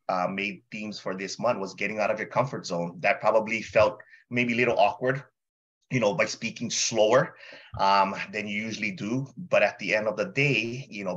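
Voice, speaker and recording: A man hosting a group update call, praising members with many fillers and pauses. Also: on the low side, a bit bright, muffled recording. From Hawaii. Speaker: call host.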